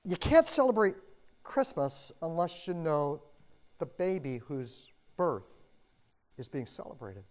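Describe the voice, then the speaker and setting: Chatty, animated middle-aged preacher. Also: medium pitch. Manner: conversational, dotted with "like" and "you know"; animated, with swings between loud and hushed delivery. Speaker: pastor. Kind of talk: sermon. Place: room with a congregation.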